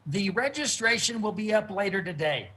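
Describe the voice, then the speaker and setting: A man, a guest quilt artist, telling stories in a relaxed interview from his studio over a video call. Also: high-pitched, poor audio. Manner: earnest, unhurried storyteller. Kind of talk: casual storytelling interview.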